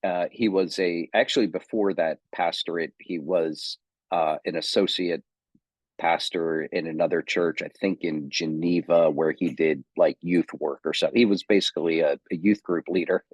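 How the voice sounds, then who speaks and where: A man's voice: sits low, steady tone, normal speed, no room sound. A man giving an unscripted seminary lecture on theology, thinking aloud with many ums and self-corrections.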